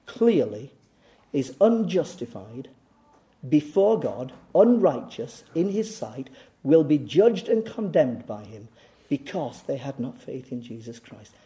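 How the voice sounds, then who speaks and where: A man preaching a sermon, emphatic and insistent, repeating key words and putting rhetorical questions to the congregation, moving between raised urgency and quiet asides. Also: fairly high pitch, very animated, slow pace.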